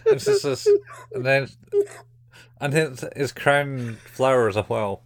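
A man in casual chat, animatedly retelling scenes and slipping into quick character voices. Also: medium pitch, wildly swooping pitch, gravelly. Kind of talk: casual chat recapping a show.

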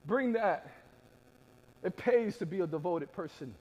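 High-pitched preacher guy, acts out bible people like regular folks, gets loud at the peaks. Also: lively intonation, measured pace. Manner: builds from quiet asides to loud shouted peaks; acts out the voices of biblical people in casual modern speech. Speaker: pastor. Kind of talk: sermon.

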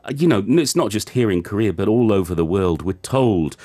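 A man's voice: on the low side, animated, a little fast, warm tone. Earnest man talking books. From United Kingdom. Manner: enthusiastic, earnest, with fillers. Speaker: podcast host reviewing a book. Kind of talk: casual book chat. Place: lives in Korea.

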